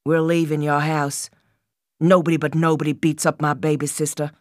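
A woman voicing a teenage boy who speaks with calm, firm authority. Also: low voice, normal speed, no echo, studio quality, close to an everyday voice. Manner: steady and authoritative. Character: calm, commanding teenage older brother.

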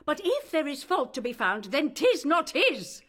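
A woman's voice: sits high, very animated, a little slow, fairly bright tone, exaggerated voice. An actress playing a haughty, pompous older mother who speaks of herself as "one", in rhymed stage verse. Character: haughty pompous old mother, stubbornly devout. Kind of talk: stage play in rhyming verse.

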